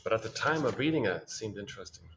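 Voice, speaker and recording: Man, low voice, casual musing commentary, restarts phrases, faint hiss behind. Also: animated, very fast, a bit bright. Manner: musing, restarts phrases, acts out quoted people. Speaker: host of a quotes channel.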